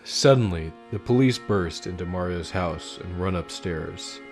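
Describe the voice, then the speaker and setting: A man narrating a creepy story in a measured, dramatic storytelling voice. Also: low-pitched. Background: background music.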